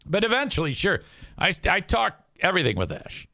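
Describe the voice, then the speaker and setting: A man's voice: sits high, huge pitch swings, brisk, vocal fry, pushed and bright, no echo, clean studio sound. A middle-aged man hosting a live stream show, talking in a crude, profane, rambling way. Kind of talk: casual live-stream talk.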